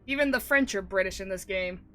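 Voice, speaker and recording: Bright, self-mocking woman streamer. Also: mid-range voice, brisk. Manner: swears freely, self-deprecating, rambling. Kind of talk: casual gameplay commentary.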